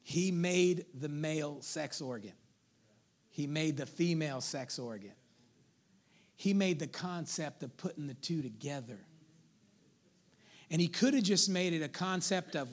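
A man's voice: a little high, a little slow. A man preaching a sermon as pastor, conversational and playful, calling out to the congregation.

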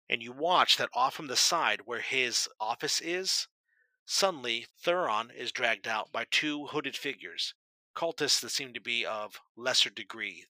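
A man's voice: medium pitch, expressive, unhurried, bright, forceful tone, no room sound, low-quality recording. A man narrating a tabletop game as game master, describing scenes vividly and dramatically.

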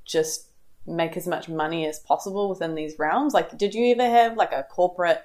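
A woman's voice: on the low side, fairly quick, a little mellow. A woman hosting a casual chat, asking questions and giving short encouraging replies. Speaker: host.

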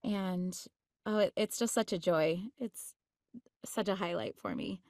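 A woman's voice: mid-range voice, measured pace, darkish tone, no echo, studio quality. A woman voice actress chatting in an interview, bubbly and laughing often, with many fillers. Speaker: voice actress guest. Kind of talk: casual interview chat.

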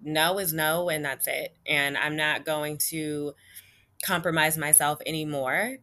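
Low, bright-voiced woman telling a candid story. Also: fairly even intonation, measured pace. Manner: chatty, frequent "like" and "you know", addresses viewers as "y'all"; frank and emphatic. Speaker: vlogger.

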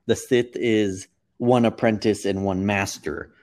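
A man voicing a menacing male dark lord offering an apprenticeship, in a plain retelling voice. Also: lowish voice, fairly even intonation, a little slow. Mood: tempting. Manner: retold in a plain conversational voice.

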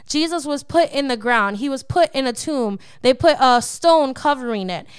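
A woman's voice: high-pitched, animated, normal speed, smooth, no room sound, clean studio sound. A woman co-hosting a devotional Bible podcast, teaching in an emphatic, preacherly way and often checking in with the listener. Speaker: podcast co-host.

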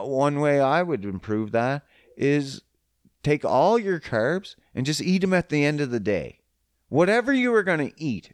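A man's voice: a little high, clean tone, no room sound, studio quality. A man talking casually and crudely about fitness and diet, rambling and joking, acting out both sides of conversations. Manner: crude, rambling, joking, voices others in quotes. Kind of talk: casual profane monologue.

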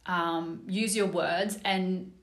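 A woman's voice: fairly low pitch, steady tone, drawn-out words, roomy sound. A woman telling a story in casual chat, with many fillers and restarts.

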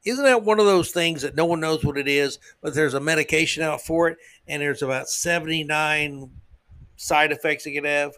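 A man's voice: on the high side, moderate pace, a bit bright, no room sound. A man hosting a podcast, delivering a sarcastic, mock-outraged comedic monologue into a close microphone. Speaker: podcast host.

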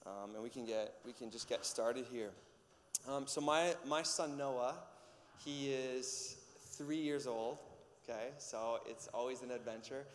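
A man preaching a casual sermon as pastor, an animated storyteller with many fillers and acted-out voices. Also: medium pitch, measured pace. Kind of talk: casual sermon with personal stories. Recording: long hall reverb.

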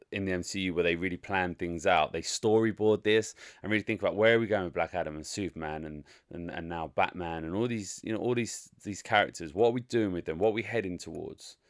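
Deep-voiced man reviewing a film. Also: dry recording, studio quality. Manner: frank, rambling, opinionated. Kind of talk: casual spoken movie review.

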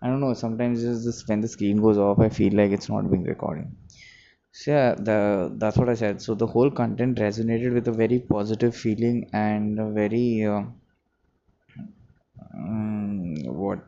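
A man's voice: fairly low pitch, fairly even intonation, brisk, creaky, warm tone. A man, a music producer, thinking aloud in a rambling, reflective daily monologue, sleepy and yawning. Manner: reflective, rambling, self-correcting. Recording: dull lo-fi recording, faint background hum.

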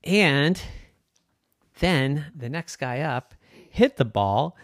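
A storyteller making up a children's story as they go, slow and wandering, with pauses and restarts. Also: mid-range voice, animated, no room sound, clean studio sound.

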